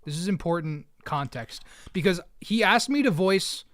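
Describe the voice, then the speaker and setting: A man's voice: high-pitched, expressive, moderate pace, a bit bright, no echo, studio quality. A man chatting casually while live streaming a game, rambling and joking at his own expense. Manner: rambling, joking, often laughing at himself.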